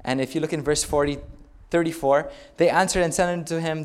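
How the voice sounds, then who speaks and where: Storytelling male preacher, slightly high voice. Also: fast talker. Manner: conversational storytelling with rhetorical questions. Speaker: pastor. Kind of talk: sermon.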